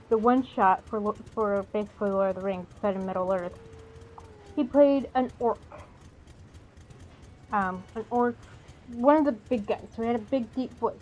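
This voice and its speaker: A woman's voice: a little high, darkish tone. A woman streaming a video game, chatting casually and rambling with frequent hesitations. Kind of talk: casual gameplay commentary. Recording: dull lo-fi with faint noise.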